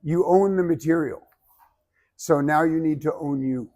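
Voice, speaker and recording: A man's voice: fairly high pitch, unhurried, mellow. A man giving blunt, emphatic feedback as a speaking coach, with some swearing. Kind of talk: workshop feedback.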